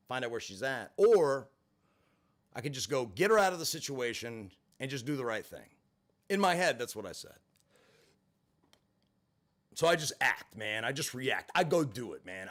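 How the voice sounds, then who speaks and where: A middle-aged man in recovery vlogs a personal story to camera as a monologue, candid and emphatic and swearing freely. His voice is mid-range and a bit bright.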